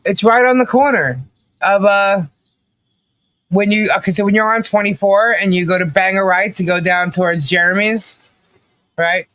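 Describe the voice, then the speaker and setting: A man's voice: sits high, normal speed, fairly bright tone, dry recording, low-quality recording. A man co-hosting a podcast, telling a story in casual commentary, acting out quotes with laughing asides. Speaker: podcast co-host.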